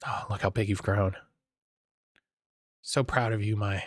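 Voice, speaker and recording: Male streamer voicing a tender robot dad figure, game dialogue read aloud, low and soft. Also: fairly even intonation, unhurried, no echo, clean studio sound. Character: gentle robot father, male professor.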